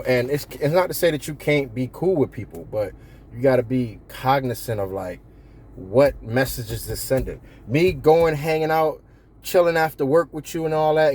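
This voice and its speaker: A man talks straight to camera in a loose, profane monologue. He is blunt and joking and swears freely. His pitch sits in the middle of the typical male range. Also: a little mellow. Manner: joking, blunt, swears a lot, slips into impressions. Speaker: vlogger giving workplace advice.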